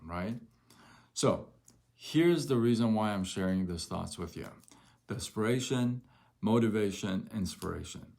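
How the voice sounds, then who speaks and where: Guy doing a live motivational rant, slow and lowish, says stuff twice to hammer it in. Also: a little mellow. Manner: emphatic, repeats phrases for effect. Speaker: network marketing coach. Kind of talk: motivational livestream talk.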